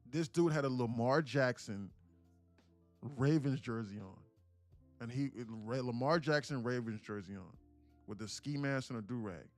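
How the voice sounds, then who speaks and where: Guy rambling through a story on his trading livestream, slangy and loose, normal pitch, bit of music in the back. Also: unhurried, a little mellow. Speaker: day trader and livestream host. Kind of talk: casual livestream chat.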